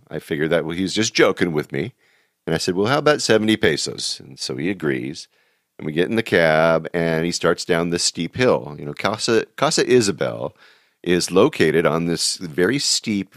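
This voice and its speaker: Low-voiced man telling chatty travel stories. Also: no room sound, studio quality. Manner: chatty, laughs at his own stories, many fillers. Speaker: travel show host. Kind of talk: casual anecdotal storytelling.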